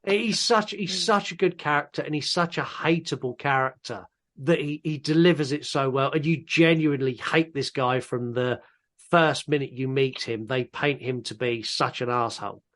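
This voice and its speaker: A man co-hosting a podcast, chatting casually about a film and retelling scenes in an animated way. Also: mid-range voice. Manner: animated retelling, slips into quick mimicked voices. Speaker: podcast co-host. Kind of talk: casual film review chat.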